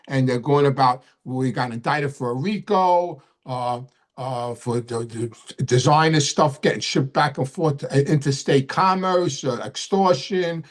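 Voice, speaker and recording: A middle-aged man hosting a live show, telling a personal story in a casual, rambling way, repeating himself and swearing freely. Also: fairly high pitch. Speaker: host of a live question show.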